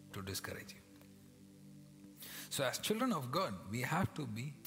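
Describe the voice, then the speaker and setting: A male pastor preaching a sermon, swinging between loud acted-out quotes and hushed whispers. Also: mid-range voice. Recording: long hall reverb with music behind.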